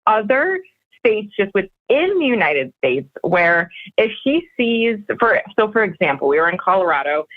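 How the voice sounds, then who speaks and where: A woman's voice: medium pitch, sing-song, normal speed. Brief: female podcast caller, rambling and hesitant, heard over a tinny phone line. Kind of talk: telling her problem on a call-in show.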